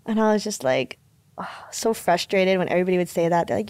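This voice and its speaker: A pro surfer in her twenties from Hawaii, appearing as a podcast guest, tells a story in casual talk packed with "like" and acted-out quotes. She speaks fast and animatedly at a medium pitch, and the recording is dry and studio quality.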